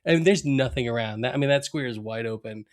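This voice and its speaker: A man's voice: mid-range voice, fairly quick. A man co-hosting a podcast, retelling cartoon scenes casually, laughing often and acting out quoted lines. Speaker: podcast co-host.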